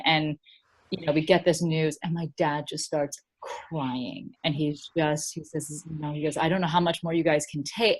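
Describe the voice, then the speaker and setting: A middle-aged woman speaking as a guest, telling a personal story in an open, rambling way with frequent laughs. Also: sits low.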